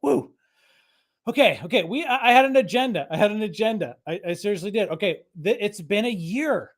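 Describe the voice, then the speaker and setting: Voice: medium pitch, animated, brisk. A host of a live online creator show, talking casually to viewers in a rambling, chatty way, often restarting sentences. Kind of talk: casual livestream chat.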